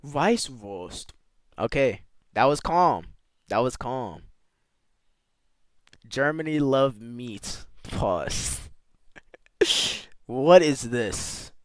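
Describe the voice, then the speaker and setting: A man's voice: mid-range voice, lively intonation, drawn-out words, long pauses, dry recording. A man streaming live, chatting casually with his viewers and playfully sounding out foreign words. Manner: talks to chat with slangy asides.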